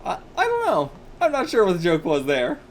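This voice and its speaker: A man's voice: high-pitched, huge pitch swings, fairly quick, a little hiss or hum. Chatty man reacting to manga. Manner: chatty, laughs often, fillers like "you know". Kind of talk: casual reaction commentary.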